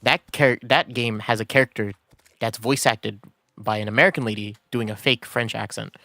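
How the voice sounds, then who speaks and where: A man's voice: fairly low pitch, fairly even intonation, normal speed, vocal fry, bright, forceful tone, no room sound. A man chatting casually while streaming a game, laid-back and rambling, laughing often between thoughts. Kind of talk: casual gaming stream chat.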